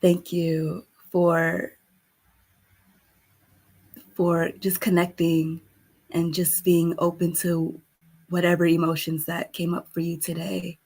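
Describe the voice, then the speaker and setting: A woman guest speaker closing her session, soft-spoken and halting, with many fillers. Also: on the low side, monotone, husky, rough recording. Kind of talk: closing a virtual summit session.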